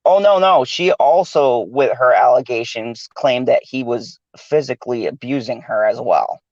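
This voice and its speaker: A man's voice: mid-range voice, normal speed, darkish tone, no echo. A man hosting a casual podcast chat, laughing often and cursing freely. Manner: laughs often, loose and profane. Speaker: host. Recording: dull, dry lo-fi recording.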